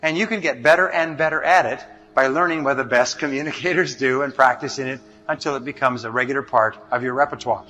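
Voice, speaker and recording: A motivational speaker works through numbered points in a seminar lecture, talking fast with few pauses in a pushed, bright, medium-pitched voice. The recording is dull and lo-fi, sitting under music.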